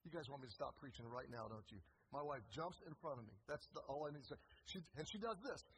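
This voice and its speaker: A man preaching at a church conference, telling a funny story with lively swings between soft asides and loud excitement. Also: on the high side, fast, in a large hall, noisy background. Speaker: assistant pastor, conference preacher. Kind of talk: humorous sermon storytelling.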